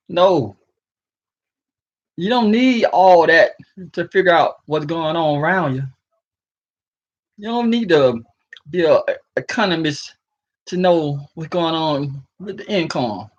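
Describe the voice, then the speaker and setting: A man with a somewhat high voice talks to his viewers from home in a loose, rambling way, chuckling and slipping into slang. He sounds sleepy. The recording is muffled and lo-fi. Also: fairly bright tone. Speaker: vlogger. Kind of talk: rambling casual monologue.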